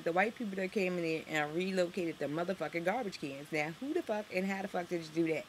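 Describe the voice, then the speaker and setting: A woman's voice: lowish voice, brisk, slight background noise. A woman from Harlem with a New York accent, ranting to camera as a vlogger, profane and sarcastic, her voice jumping up when she gets outraged.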